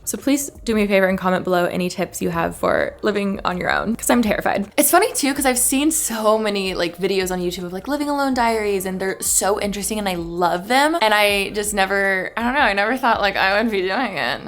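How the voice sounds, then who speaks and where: A woman's voice: medium pitch, very animated, fairly quick, hardly any pauses. Chatty woman in her late twenties vlogging. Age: late 20s. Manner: chatty, rambling, full of "like". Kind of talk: casual chat to camera.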